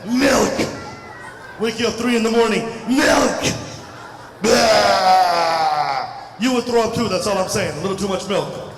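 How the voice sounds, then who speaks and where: A middle-aged man from India doing a stand-up comedy set, talking loudly and playfully to the crowd. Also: sits high, fast talker. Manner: loud, animated, playful crowd banter. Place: large hall at a community festival. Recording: echoey hall mic from a distance, crowd noise. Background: audience murmur and laughter.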